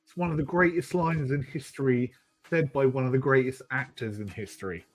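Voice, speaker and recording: A man's voice: medium pitch, a little fast, faint music behind. A man bantering with friends on a voice call, joking, swearing and teasing. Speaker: participant in a group voice chat.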